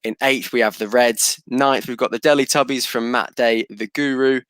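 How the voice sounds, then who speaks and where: A man's voice: mid-range voice, steady tone, moderate pace, a bit bright, smooth. A man hosting a casual fantasy football podcast, chatty and reading out league standings. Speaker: host.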